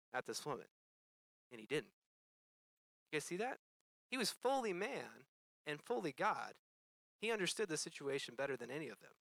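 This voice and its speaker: A man's voice: a little high, sharp tone, no room sound. A young man preaching a sermon, earnestly addressing his congregation as "guys" and asking them questions.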